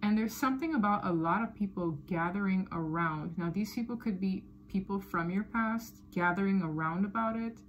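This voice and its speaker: A woman giving a tarot reading to her viewers, talking in a loose, animated way, often laughing and repeating phrases. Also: medium pitch, moderate pace, hardly any pauses, muffled recording, a little hiss or hum. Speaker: tarot reader. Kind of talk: casual tarot reading to camera.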